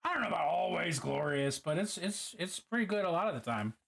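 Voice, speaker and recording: A man talks casually to his live-stream audience as he paints miniatures, and his pitch swings animatedly up and down. He swears freely and greets viewers by name. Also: sing-song, brisk, creaky, a bit bright, breathy edge.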